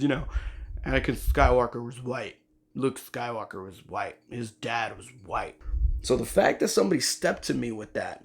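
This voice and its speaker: Gravelly, husky man ranting hard. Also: mid-range voice. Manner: emphatic and profane, swinging loud and soft. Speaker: voice actor and channel host. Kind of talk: ranting commentary to camera.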